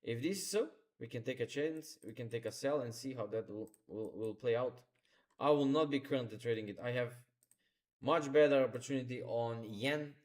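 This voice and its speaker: A man's voice: mid-range voice, moderate pace, darkish tone. Man talking through charts live. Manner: instructive, repeats phrases, non-native grammar. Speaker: trading streamer. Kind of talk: live market commentary.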